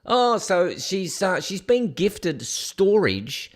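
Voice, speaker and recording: A man hosts a casual news show in a sarcastic, scoffing tone as he rants about each headline. His voice sits a little high. It swings up and down a lot as he reacts. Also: sing-song, takes it slowly. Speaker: show host. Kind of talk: casual news commentary rant.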